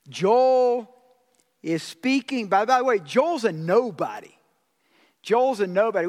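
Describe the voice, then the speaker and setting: A man preaching a sermon as pastor, impassioned and rising to loud exclamations. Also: high voice. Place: church sanctuary. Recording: long hall reverb.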